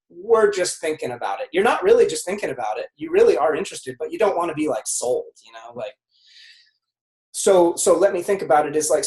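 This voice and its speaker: A man's voice: on the high side, a little mellow. Casual male sales coach, echoey. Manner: casual, filler-heavy, acts out dialogue. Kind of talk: coaching call talk.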